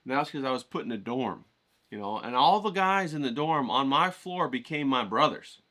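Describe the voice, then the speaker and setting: An energetic man rambles through a motivational pep talk on his art vlog, swearing freely and padding his lines with "you know". His voice is bright and forceful, with a mid-range pitch. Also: moderate pace. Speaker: art vlogger. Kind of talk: casual profane pep-talk monologue.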